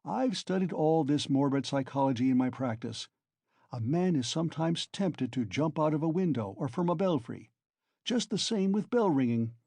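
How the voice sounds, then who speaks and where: A man's voice: fairly high pitch, dark tone, no room sound. A man voicing a sly, genial male investigator who talks in a fussy, insinuating way. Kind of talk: audiobook character reading.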